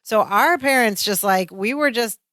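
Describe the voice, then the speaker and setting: A woman's voice: fairly high pitch, normal speed, a bit bright, dry recording, studio quality. Woman co-host in casual podcast chat. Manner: chatty, laughs between remarks. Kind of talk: casual chat recapping a sitcom.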